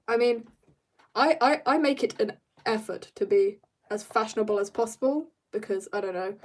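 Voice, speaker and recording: A woman's voice: mid-range voice, recorded from a distance. Rambling British teen girl streamer. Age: teens. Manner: rambling, giggly, talks in quick bursts. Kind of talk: casual livestream chat while drawing. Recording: voice a bit off-mic.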